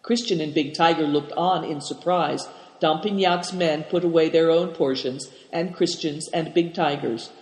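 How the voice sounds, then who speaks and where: A man's voice: on the high side, steady tone, moderate pace. A man narrating a story as an audiobook reader, lifting his voice a little for the characters' lines. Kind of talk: scripted narration. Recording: echoey room with long reverb.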